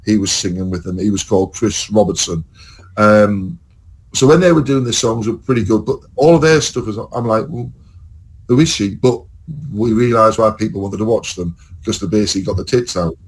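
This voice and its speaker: A man's voice: lowish voice, brisk, low-quality recording. A man telling long, rambling, sweary stories as a podcast host in casual chat.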